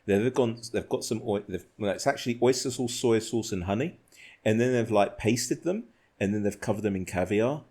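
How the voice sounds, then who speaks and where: A man's voice: fairly low pitch, fairly quick, a little mellow. A man hosting a casual podcast, telling rambling stories and laughing often. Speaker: podcast host.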